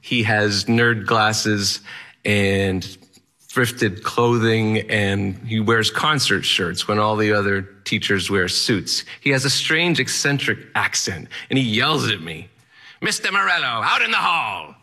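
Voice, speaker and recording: A man's voice: on the low side, takes it slowly, pushed and bright. A man telling a personal story in the first person, in an earnest, plainspoken and wry way.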